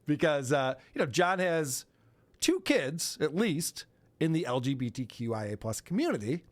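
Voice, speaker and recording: Male podcast host, lively and mocking, slightly high voice. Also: normal speed. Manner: mocking, laughing, mimics voices. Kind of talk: casual commentary on clips.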